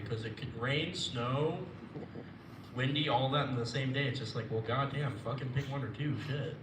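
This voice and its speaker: A man's voice: mid-range voice, moderate pace. Rambling, profane young man doing stand-up. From Florida. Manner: rambling, profane, loses his train of thought. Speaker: stand-up comedian. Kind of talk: live stand-up set. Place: live comedy venue. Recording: echoey room, mic at a distance, noisy.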